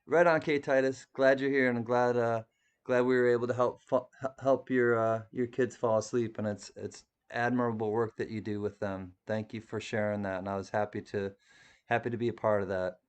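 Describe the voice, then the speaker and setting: A man with a medium pitch and fairly even intonation speaks briskly and smoothly as he hosts a live stream. He rambles casually through viewer comments. He's chatty, laughs often, and restarts many times.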